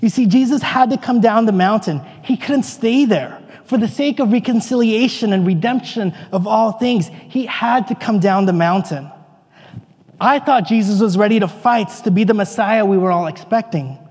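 A man playing a bewildered, excitable apostle, telling his story in earnest, rambling first-person monologue. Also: high voice, moderate pace, big-room sound. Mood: reflective. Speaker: actor in a church dramatic monologue.

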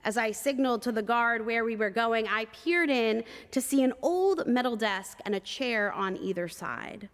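Woman preaching a sermon, telling a story slow and expressive, slightly high voice, big reverby hall. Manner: measured, expressive storytelling with vivid detail.

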